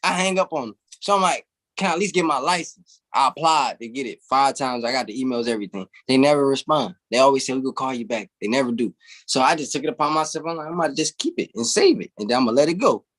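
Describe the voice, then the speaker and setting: A man's voice: medium pitch, lively intonation, fast, a bit bright. A young man, a guest in an interview, telling a long story casually and animatedly, swearing freely and laughing as he goes.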